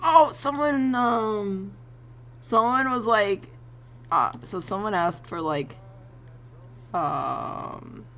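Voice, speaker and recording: A woman streamer chatting casually while she draws, excitable, laughing often and swearing freely. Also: mid-range voice, drawn-out words, long pauses. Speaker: streamer and artist.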